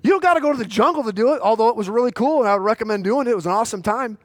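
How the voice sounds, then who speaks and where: A man preaching a sermon, with a high, bright-edged voice. He drops low to tell a story, then climbs loud and urgent to exhort his listeners. The sound is dry and close. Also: lively intonation, rapid-fire, no room sound. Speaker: pastor.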